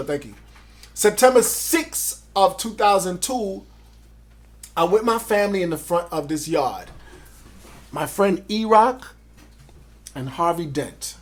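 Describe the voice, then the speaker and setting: A man in his forties from Grenada, telling his life story as an interview guest, loud and excited, acting out what others said. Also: high voice. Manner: animated, acts out quotes, loud and excited.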